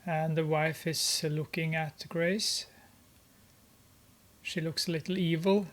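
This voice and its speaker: A gamer narrates gameplay slowly, with many hesitations and amused exclamations. The pitch stays flat and level. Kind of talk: gameplay commentary.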